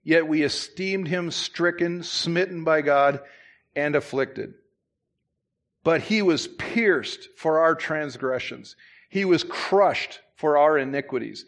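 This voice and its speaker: A man preaching a sermon in church, conversational with asides and restarts, who climbs louder and higher to drive his points home. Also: takes it slowly. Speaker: pastor.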